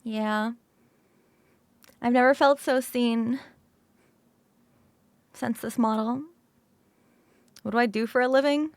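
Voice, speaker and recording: A woman's voice: on the high side, steady tone, slow pace, long pauses, dry recording. A woman streamer chatting casually with viewers, sleepy and just woken up, laughing often.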